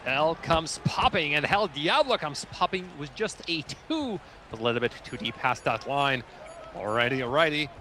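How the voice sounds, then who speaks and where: A man's voice: fairly high pitch, animated, normal speed, sharp tone. Laid-back male color commentator, noisy mic. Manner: laid-back, playful, laughing along. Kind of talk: live esports color commentary.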